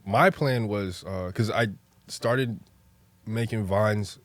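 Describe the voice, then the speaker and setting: A young man from New Jersey, a podcast guest, telling stories in a relaxed, casual way that turns lively and full of laughter at the funny parts. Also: fairly low pitch, takes it slowly, no room sound. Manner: laid-back, animated when telling stories, laughs often. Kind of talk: casual storytelling chat.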